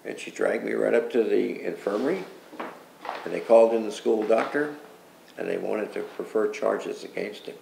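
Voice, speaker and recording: Gravelly older man, earnest and rambling. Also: fairly low pitch, normal speed, warm tone. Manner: earnest, rambling recollection with repeated pleas and asides. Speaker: interview guest. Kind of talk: personal storytelling in an interview. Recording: roomy echo with faint background noise.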